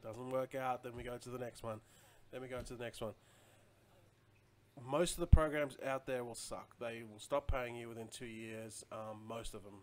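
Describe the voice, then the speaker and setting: A man's voice: medium pitch, fairly even intonation, normal speed, darkish tone, a little hiss or hum. A man chatting casually on a live stream, rambling loosely and answering viewer comments as he goes.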